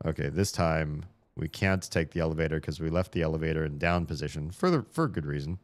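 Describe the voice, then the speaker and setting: A man with a very low voice talks his way through a puzzle game on a live stream. He rambles, pokes fun at himself and curses when stuck. He jumps into high, excited shouts when a puzzle finally works. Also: fairly quick. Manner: rambling, self-mocking, swears when frustrated; bursts into high excited shouts at small wins. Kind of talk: live gameplay commentary.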